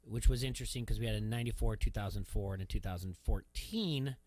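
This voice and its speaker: A man's voice: fairly low pitch, fast, a little mellow, no room sound. A man hosting a sports radio show who tells long, rambling stories and laughs often. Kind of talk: casual chat.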